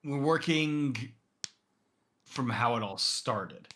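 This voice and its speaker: A man's voice: mid-range voice, lively intonation, slow pace, a bit bright. A man playing a tabletop game, talking bluntly and swearing casually. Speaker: player.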